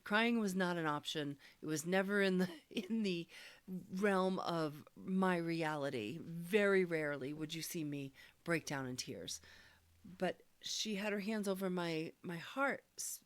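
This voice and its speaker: A woman sharing a personal healing testimony, speaking in an earnest, searching, soft-spoken way. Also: fairly low pitch, measured pace, dry recording.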